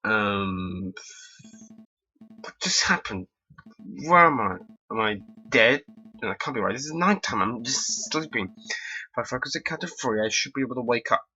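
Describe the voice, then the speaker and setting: A man reads and comments through a game in a wry, deadpan way. His voice is mellow and warm, at a middle pitch. The recording sounds dull and lo-fi, with faint music behind. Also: moderate pace, long pauses, slightly rough. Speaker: let's play host. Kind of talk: casual game commentary and reading.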